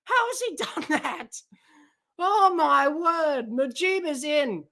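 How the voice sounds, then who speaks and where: A hoarse woman, shouting excitably as a podcast host giving live watch-along commentary. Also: sits high, slow pace. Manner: excitable, shouting on big hits.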